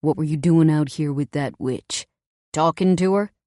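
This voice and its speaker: A woman's voice: low-pitched, moderate pace, mellow, dry recording, studio quality, lightly acted. A woman reading the part of an angry, protective young man who growls curt warnings in an audiobook. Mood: angry, stern.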